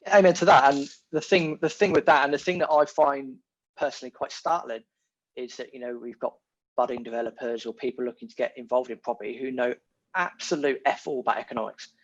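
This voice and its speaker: A man, a podcast guest talking in a casual, animated and emphatic way, repeating his key words. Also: medium pitch, brisk. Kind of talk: casual conversation. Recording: muffled lo-fi audio.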